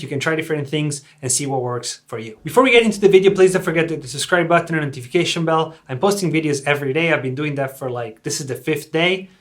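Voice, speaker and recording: Fast, upbeat young man explaining. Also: a little high, fairly bright tone. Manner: upbeat, chatty, many fillers like "like" and "kinda". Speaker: music producer and tutorial host. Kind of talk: casual how-to tutorial.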